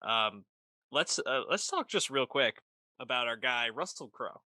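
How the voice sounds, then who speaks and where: Very bright, enthusiastic podcast man. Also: medium pitch, lively intonation, measured pace, dry recording. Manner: enthusiastic, swears casually. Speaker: podcast co-host. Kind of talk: casual film review chat.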